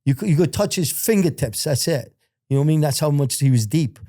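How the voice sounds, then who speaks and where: An older man spins a crime story from his past, swearing freely and putting on other people's voices as he goes. His voice sits a bit high for a man but sounds dark and mellow. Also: fast. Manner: profane, animated, acts out other people's voices. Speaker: podcast guest telling crime stories. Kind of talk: casual storytelling.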